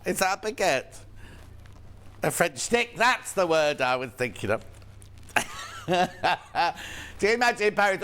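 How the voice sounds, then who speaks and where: Chatty, higher-voiced male TV presenter. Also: very animated, measured pace, long pauses, a bit bright. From United Kingdom. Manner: chatty, playful, reads viewer messages. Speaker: shopping channel presenter. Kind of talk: live TV sales presentation.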